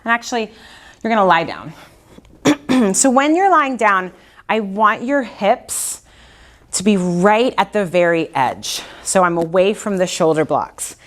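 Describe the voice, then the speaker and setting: A woman's voice: medium pitch, animated, unhurried. Pilates instructor, woman, mid voice, encouraging breath cues, a little winded. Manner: encouraging cueing with breathing counts. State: out of breath at times. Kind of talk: guided workout instruction.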